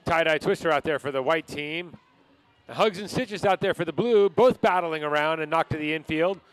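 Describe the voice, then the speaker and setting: An announcer calling roller derby action live in brisk play-by-play. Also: medium pitch, dry recording. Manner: brisk play-by-play of skater moves. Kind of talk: live sports commentary.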